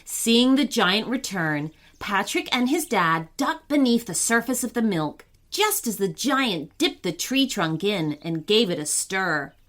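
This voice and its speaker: A woman narrating a scripted bedtime story for children in an expressive storybook reading. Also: medium pitch, measured pace, hardly any pauses.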